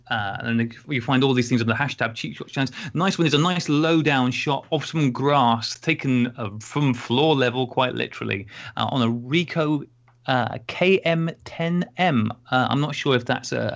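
A man's voice: medium pitch, moderate pace, creaky. A man co-hosting a casual podcast, chatting and joking as he reviews listener photos. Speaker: podcast co-host. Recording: dull lo-fi call audio.

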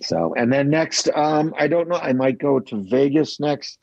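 A man's voice: on the high side, a little slow, vocal fry, a little mellow, no room sound, muffled recording. A man chatting casually about a trip, rambling and swearing with many restarts. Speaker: traveler recounting a trip. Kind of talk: casual chat.

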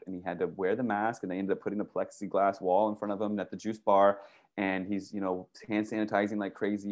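A man talking casually and excitedly, rambling through stories with many restarts, swearing and saying "dude" and "bro". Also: lowish voice. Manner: profane, uses "dude" and "bro". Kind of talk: casual conversation.

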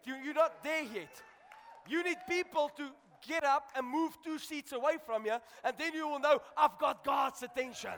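High bright-voiced preacher shouting a sermon. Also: male voice. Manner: shouting, fervent, repeats phrases. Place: large church hall. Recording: echoey hall with long reverb.

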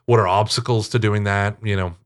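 A man being interviewed, telling stories in a talkative, animated way and acting out quoted speech. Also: fairly low pitch, brisk. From United States. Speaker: interview guest, Catholic teacher. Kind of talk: casual storytelling interview.

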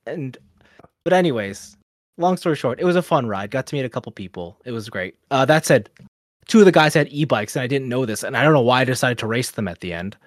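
A man rambles through a casual anecdote. He talks in a middle-pitched voice, acting out what people said. The recording is close and dry. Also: fast talker, no room sound. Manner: rambling, animated storyteller with many fillers and quoted asides. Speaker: podcast co-host. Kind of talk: casual storytelling chat.

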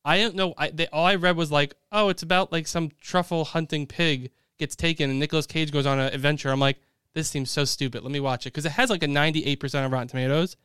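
A young man hosting a casual chat, excitable and quick with exclamations. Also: fairly high pitch, clean tone, dry recording, clean studio sound. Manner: excitable, talks fast with exclamations. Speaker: podcast host.

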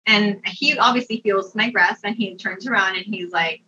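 A young adult woman telling a personal story in a casual, animated way, laughing often and using lots of fillers. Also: mid-range voice, moderate pace. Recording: dull, distant mic sound.

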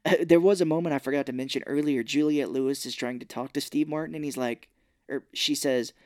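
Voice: medium pitch, steady tone, darkish tone, no echo. Podcast host recapping a movie, dry sound. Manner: retells scenes, acting out characters' lines in quick put-on voices. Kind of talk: casual movie recap chat.

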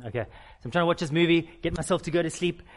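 A man's voice: a little high, fast talker, a little hiss or hum. A man, a pastor, preaching a sermon with candid personal stories and emphatic, repeated lists.

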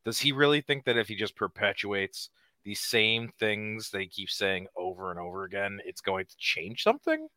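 A man's voice: fairly low pitch, sing-song, moderate pace, bright, forceful tone, dry recording. A man co-hosting a podcast in casual chat, asking rambling, sarcastic questions. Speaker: podcast co-host.

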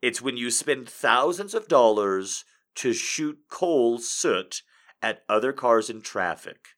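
A man ranting casually to his audience, swearing freely and swinging between loud outbursts and muttered asides. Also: medium pitch, slow. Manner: animated, swearing, jumping between loud and quiet. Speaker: streamer.

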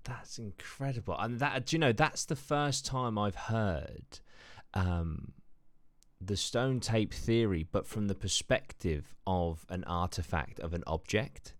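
A man's voice: lowish voice, animated, slow, no room sound, clean studio sound. A man hosting a paranormal podcast, reacting enthusiastically and stumbling through his thoughts. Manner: enthusiastic, stumbling, with many restarts. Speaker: podcast host. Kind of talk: casual podcast chat.

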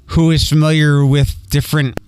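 A Philadelphia man with a light local accent hosts a podcast, delivering a casual, rambling monologue full of ums and repeats. His voice is on the high side, darkish and resonant, with a level tone and moderate pace. The sound is clear with no echo.

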